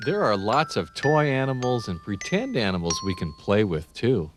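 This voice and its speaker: A man gently explaining animals and dinosaurs to young children. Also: lowish voice, very animated, normal speed, music in the background. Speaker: children's video narrator. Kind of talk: teaching children about animals.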